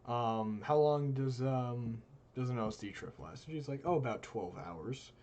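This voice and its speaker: A man's voice: normal speed, a little hiss or hum. A young man, co-host of a live stream, casually telling a personal story and acting out his friends' lines. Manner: animated, voices quoted friends with big jumps in pitch.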